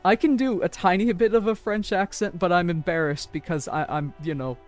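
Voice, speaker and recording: A man's voice: high-pitched, brisk, soft background music. A young man in his twenties streaming a game, playful and giggly as he reacts. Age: 20s. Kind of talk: casual game-stream commentary.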